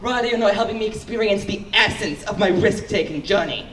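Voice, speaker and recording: A man's voice: high voice, fairly quick, fairly bright tone, a little hiss or hum, pitched above the performer's own voice. A young man voicing his eccentric, risk-taking friend in a put-on British accent, flamboyant and smug. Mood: airy. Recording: roomy hall, mic far off.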